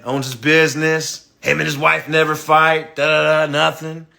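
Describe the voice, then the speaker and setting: A man hosting a livestream, talking bluntly and profanely in a confessional rant that swings into loud, excited, laughing bursts. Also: a little high, creaky. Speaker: livestream host.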